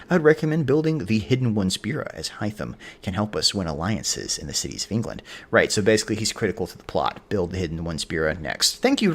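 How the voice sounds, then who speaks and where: A man streaming a video game, chatting and joking with historical asides. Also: lowish voice. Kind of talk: gameplay commentary.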